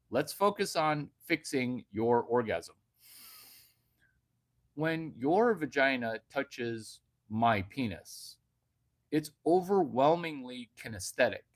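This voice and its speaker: A man delivers a stand-up monologue at an unhurried, drawn-out pace. He is brash and switches between hushed asides and sudden loud outbursts. His voice sits at an ordinary mid pitch. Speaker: comedian.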